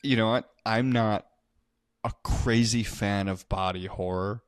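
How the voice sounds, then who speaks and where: A man's voice: fairly low pitch, measured pace, smooth, dry recording, clean studio sound. A man co-hosting a casual horror movie podcast, swearing and joking as he retells a film's plot. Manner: crude, joking, animated storyteller. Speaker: podcast co-host. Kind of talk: casual movie review chat.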